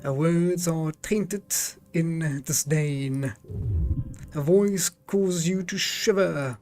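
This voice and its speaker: A man's voice: a little high, very slow, darkish tone, soft background music. A man streaming a game live, chatting casually and reading its text aloud, laughing often.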